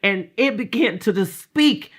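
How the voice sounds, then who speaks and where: A middle-aged woman recounting her conversion story with a bright, clear voice. She tells it like a storyteller, acting out what others said, full of fillers and repeats, and lifts into loud fervent passages. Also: medium pitch, expressive, unhurried. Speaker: guest sharing her faith testimony. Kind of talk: emotional personal testimony.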